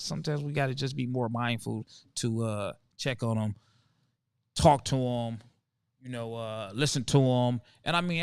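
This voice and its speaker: Guy hosting a laid back chat, earnest and emphatic, says stuff twice to make it stick, middle pitch. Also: clean tone, no room sound. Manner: earnest, emphatic, repeats points. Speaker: host. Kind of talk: casual conversation.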